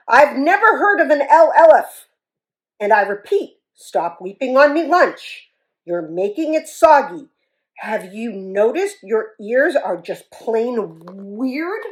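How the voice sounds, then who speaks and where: A woman's voice: a little high, sing-song, slow, rough recording. A woman voicing a blustering, taunting male elephant bully in a children's story.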